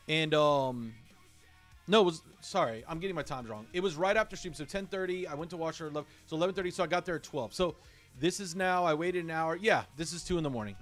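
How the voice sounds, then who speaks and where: A man with a slightly high voice hosts a livestream and tells a heartfelt personal story. He rambles, restarts and fills his sentences with "like" and "um". Faint music plays quietly in the background. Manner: rambling, self-correcting, many fillers. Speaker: livestream host. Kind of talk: emotional personal story on stream.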